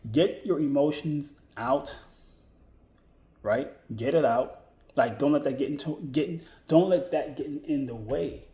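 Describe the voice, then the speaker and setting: A man's voice: on the high side, unhurried, mellow. A man giving casual career advice to his viewers, emphatic, repeating his key points and often restarting his sentences. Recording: roomy echo.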